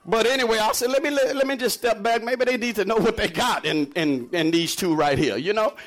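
A man preaching a sermon, swinging from low murmurs to high shouts and joking with the congregation. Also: brisk, a faint crowd. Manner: jokes and laughs with the congregation. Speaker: pastor.

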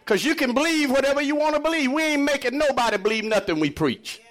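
A man preaching a sermon, swinging from low murmurs to high shouts and joking with the congregation. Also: animated, fast talker. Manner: jokes and laughs with the congregation. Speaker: pastor.

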